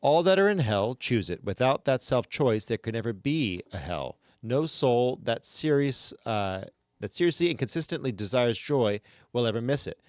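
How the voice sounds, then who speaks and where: A man voicing a calm, wise old male teacher in a measured, reassuring read. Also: medium pitch, no echo, studio quality, close to an everyday voice.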